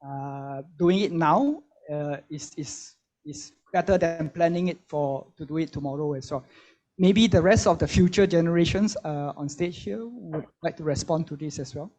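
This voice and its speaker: A man moderating a panel question session, giving brisk short cues and remarks. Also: on the high side, a little mellow.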